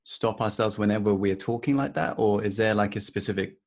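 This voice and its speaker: A man's voice: lowish voice, fairly quick, darkish tone. A man interviewing, asking questions in a hesitant, tentative way.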